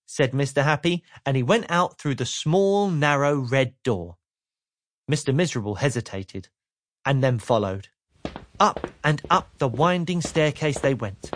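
A woman narrating a children's storybook in a slow, playful reading voice. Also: extremely low pitch, animated, dry recording, clean studio sound.

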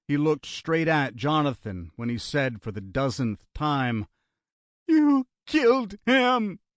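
A man reads thriller narration at an unhurried pace, his tone steady and even. The recording is dry and close, with no room sound. His pitch sits in an ordinary male middle range. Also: dry recording. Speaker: audiobook narrator.

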